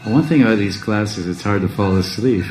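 A man teaching a scripture class, rambling with restarts, self-interruptions and chuckles, in a speaking style he calls a monotone. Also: lowish voice, a little fast, soft background music, poor audio. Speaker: spiritual teacher.

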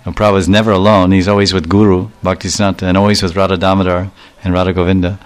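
Male lecturer, lowish voice, animated storyteller who acts out quotes; devotional class talk. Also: racing, clean tone. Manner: repetitive, self-correcting phrasing. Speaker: spiritual lecturer.

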